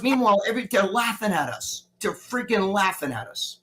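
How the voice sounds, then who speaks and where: A man's voice: sits high, expressive, brisk, a bit bright, poor audio. A man rants on a video call, swearing freely and rambling from point to point. He acts out other people's words as he goes. A faint hiss sits under the call. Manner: profane, rambling, acts out quotes. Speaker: guest. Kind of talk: casual political rant.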